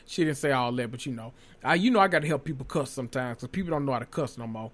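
A man hosting a podcast, giving a casual, sassy recap of a reality show, cussing freely and swinging from low murmurs to loud exclamations. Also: expressive, brisk, hardly any pauses.

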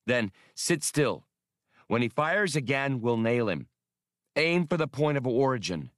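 A man voicing a cocky, sardonic male starship captain in an audiobook, quick and commanding. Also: mid-range voice, sing-song, no room sound, clean studio sound, pitched above the performer's own voice. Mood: tense commanding. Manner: wry, commanding.

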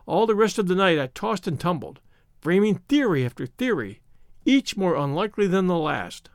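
A man narrating a story in the first person with an expressive, theatrical delivery. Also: high voice, normal speed, dry recording, studio quality. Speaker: audiobook narrator.

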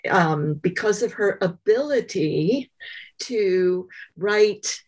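A woman, a guest author, telling stories in a relaxed interview, pausing often and thinking aloud with fillers. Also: medium pitch. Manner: thoughtful, many pauses and fillers. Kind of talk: conversational interview storytelling.

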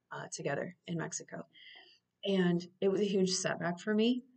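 A woman's voice: on the low side, mellow. A woman in her thirties hosting a podcast, telling her own story in a candid, earnest, conversational way. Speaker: podcast host and coach.

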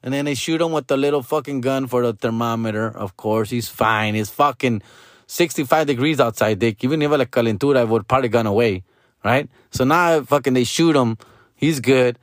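A man's voice: medium pitch, brisk, dry recording, clean studio sound. Profane, exasperated man. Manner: exasperated, slangy, swears constantly. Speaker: comedian. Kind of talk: profane Spanglish stand-up rant.

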